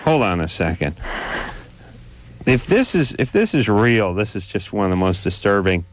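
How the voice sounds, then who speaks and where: A man's voice: on the low side, expressive, normal speed, a little hiss or hum. A man co-hosting a late-night call-in radio show, blunt and sardonic with the callers.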